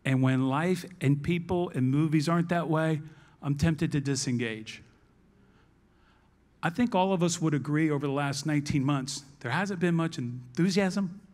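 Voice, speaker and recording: A man as pastor, preaching a sermon in a church service in a conversational, storytelling way with quick restarts. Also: a little high.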